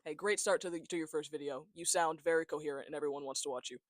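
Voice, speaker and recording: A man's voice: on the high side, fairly even intonation, fast, slight background noise. A nineteen-year-old man chatting casually to camera, a little congested, joking and self-mocking as he talks into a tiny handheld mic held close. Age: young adult. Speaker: vlogger. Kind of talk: casual talking-head chat. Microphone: small handheld mic, close.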